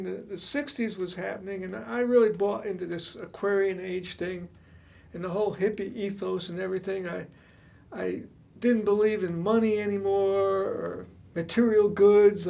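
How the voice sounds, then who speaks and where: A man in his seventies reminiscing in casual chat, relaxed and measured, chuckling at times. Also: high-pitched, gravelly. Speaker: co-host.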